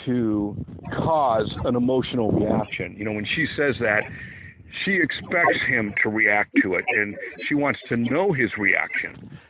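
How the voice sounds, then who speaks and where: A man at an ordinary mid pitch, narrating his own advice book in a rambling, chatty way that keeps wandering into asides. The sound is narrow and phone-like, with a faint hiss underneath. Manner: chatty, digressive, lots of asides.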